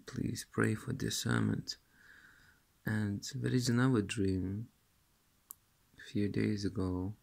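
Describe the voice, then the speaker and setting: Slow gravelly man with halting English. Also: lowish voice, flat delivery, a little mellow. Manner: halting non-native English, many restarts. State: tearful, weeping while retelling. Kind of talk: casual retelling of a dream.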